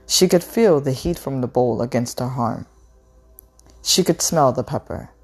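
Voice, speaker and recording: A woman with a low, deep voice reads a novel aloud at a slow, deliberate pace. Her delivery is measured and calm, and faint music plays underneath. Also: breathy edge. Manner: measured, unhurried reading with small slips. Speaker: narrator reading a novel.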